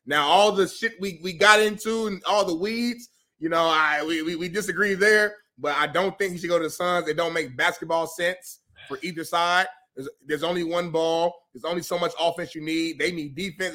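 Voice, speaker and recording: A man's voice: fairly high pitch, pushed and bright. A man co-hosting a casual sports debate show, easygoing and good-humored as he defends his views. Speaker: co-host.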